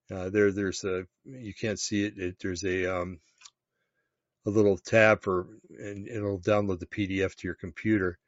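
A man casually talking through a web page on screen, pausing often with ums and restarts. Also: on the low side, no room sound. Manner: halting, many ums and restarts. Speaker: vlogger reading a web page aloud. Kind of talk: casual screen-share commentary. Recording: dull, lo-fi, dry sound.

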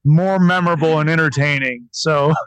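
A man's voice: fairly high pitch, fairly even intonation, moderate pace, a bit bright, clear, resonant tone, no echo. A man being interviewed as a guest on a casual podcast, talking irreverently and laughing often.

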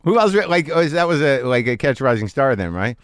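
Lively, probing male podcast host. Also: mid-range voice, fast, clean tone. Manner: conversational, probing, laughs easily. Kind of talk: casual interview chat.

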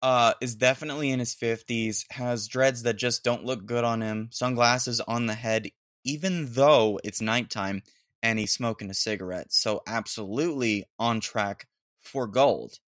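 A man hosting a podcast, giving casual, excitable reaction commentary with slangy talk and bursts of laughter. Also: medium pitch, unhurried, no room sound, studio quality. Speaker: podcast host.

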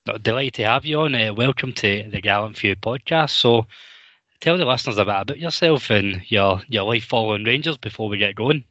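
A Scottish man hosting a podcast in a relaxed, chatty way with a few ums. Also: on the low side, a little fast, dry recording, lo-fi sound. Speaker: podcast host. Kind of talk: casual chat.

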